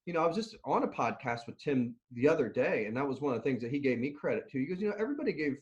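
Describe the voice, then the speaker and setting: A man's voice: medium pitch, rapid-fire, lo-fi sound. A middle-aged man, a nutrition and strength coach, telling stories in a casual interview, laughing and restarting often. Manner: animated, laughing storyteller with many restarts.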